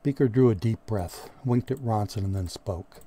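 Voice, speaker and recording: A male audiobook narrator reading a story in a steady, measured way. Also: fairly low pitch, slight background noise. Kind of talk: scripted narration.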